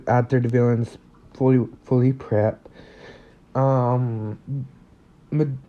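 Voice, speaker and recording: Young male storyteller, casual and rambling; slow, mellow, slightly muffled lo-fi audio. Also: medium pitch. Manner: rambling, full of fillers and restarts, chuckles at his own story. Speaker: fan fiction storyteller.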